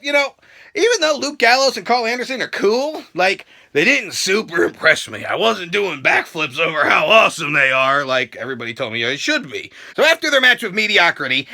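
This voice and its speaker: Man, ranting wrestling reviewer, crude jokes, lively swooping delivery, gravelly edge. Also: very high voice. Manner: crude, mocking, bursts into shouts and laughs. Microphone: handheld camera.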